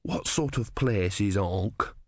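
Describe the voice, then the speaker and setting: A man's voice: on the low side, takes it slowly, no room sound, studio quality. A man voicing a young, nervous novice priest who talks hesitantly and earnestly in a storybook reading. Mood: timid.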